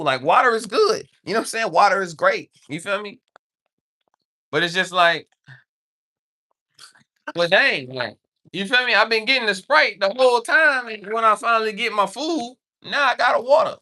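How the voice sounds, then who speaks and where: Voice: medium pitch, animated, moderate pace, pushed and bright. A livestreamer talking in a casual, meandering way, constantly checking in with viewers and repeating the same filler phrase. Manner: meandering, repeats "you know what I'm saying" often. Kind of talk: casual rambling livestream chat.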